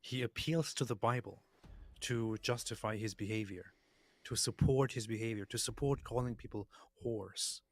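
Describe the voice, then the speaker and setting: A man's voice: fairly low pitch, moderate pace, no room sound, soft background music. A man co-hosting a reaction show, talking earnestly and emphatically about a clip. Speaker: co-host. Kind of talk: casual reaction commentary.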